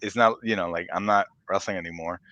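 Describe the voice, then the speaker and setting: Bright, dry-voiced man chatting casually. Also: low voice, steady tone, quick pace, no room sound, highs cut off. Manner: rambling, laughs often, acts out quotes. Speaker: podcast co-host. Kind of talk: casual chat.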